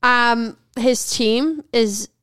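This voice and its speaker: A woman's voice: on the high side, extremely slow, a bit bright, clean tone. A woman co-hosting a casual sports podcast, bluntly arguing her hockey opinions and pushing back firmly. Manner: assertive and blunt, pushes back with firm opinions. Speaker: podcast co-host. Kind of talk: casual sports debate chat.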